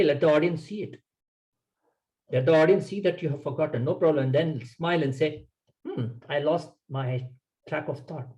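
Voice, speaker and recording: A man's voice: medium pitch, warm tone, dull audio. A man giving a public speaking workshop lecture, emphatic and coaching, in short instructive sentences.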